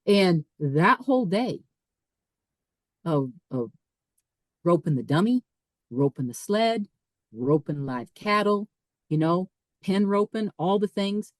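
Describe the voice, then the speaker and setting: A woman, a podcast guest, telling a personal story in a lively way, often repeating and restarting her words. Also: sits low, measured pace, no echo, poor audio. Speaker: podcast guest, author and speaker. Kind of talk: casual storytelling.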